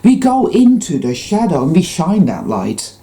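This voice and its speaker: A woman talks straight to her viewers in a rambling spiritual monologue. Her voice sits low and warm, with a very dark tone. Her pitch swings widely as she turns intense and sprinkles in curses. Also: big pitch swings, unhurried. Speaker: spiritual vlogger.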